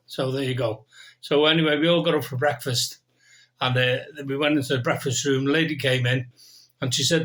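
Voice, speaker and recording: A man's voice: mid-range voice, steady tone, a bit bright. Plain-spoken man telling a story. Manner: plain, unhurried, acts out the dialogue. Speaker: band member telling a tour story. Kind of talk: anecdote telling.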